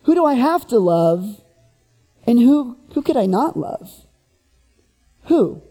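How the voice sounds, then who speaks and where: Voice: mid-range voice, very animated, takes it slowly, warm tone. A preacher acting out a defensive lawyer who argues over the rules and pleads to narrow his duties. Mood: protesting. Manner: pleading, hair-splitting.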